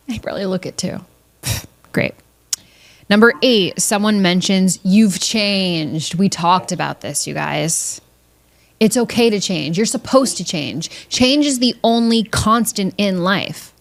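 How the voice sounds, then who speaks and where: A woman hosting a casual solo podcast, blunt and jokey, swearing freely and slipping into high mocking voices. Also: lively intonation, measured pace, vocal fry. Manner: blunt, profane, jokey, mimics family members in high voices. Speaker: podcast host.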